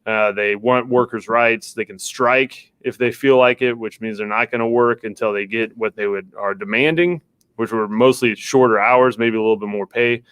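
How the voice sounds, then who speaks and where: A teacher talks through a lesson in a relaxed, explanatory way, often checking in with tag questions. His voice is smooth and clear, recorded close and dry, at a middle pitch. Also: moderate pace, no echo. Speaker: teacher co-hosting a class vodcast. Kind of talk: casual classroom explanation.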